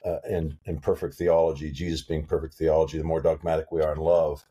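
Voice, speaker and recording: A podcast host with a low, mellow voice who speaks in a relaxed, unhurried way, pausing often with "uh" and "um" as he finds his words. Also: breathy edge. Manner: relaxed, hesitant, lots of uh and um. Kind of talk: casual podcast conversation.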